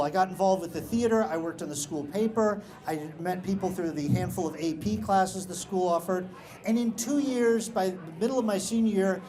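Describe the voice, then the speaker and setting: Brief: middle-aged man, fairly high voice, live storyteller, dry self-mocking humor. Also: warm tone, low-quality recording. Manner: wry, self-deprecating humor. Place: live show at a beach-bar venue.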